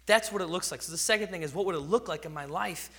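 A man's voice: high voice, fast, fairly bright tone, big-room sound. A man preaching a sermon, acting out little dialogues and chuckling now and then. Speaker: pastor.

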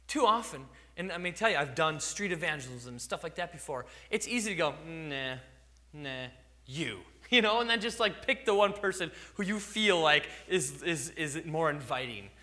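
A man's voice: a little high, sharp tone, in a large hall. A man preaching a sermon, acting out little dialogues and chuckling now and then. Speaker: pastor.

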